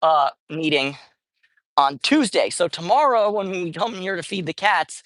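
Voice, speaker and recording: With a fairly low, bright, animated voice and an unhurried pace, this woman talks casually on a livestream while feeding street cats outdoors. She rambles and often corrects herself, and there's no echo.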